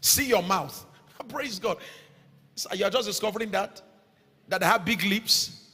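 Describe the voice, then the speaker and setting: A man with a Nigerian accent preaching a fervent sermon. He calls out to the congregation, his voice rising into sing-song lines and sudden shouts. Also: high-pitched, a little slow, slightly rough. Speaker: pastor. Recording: echoey hall with faint music.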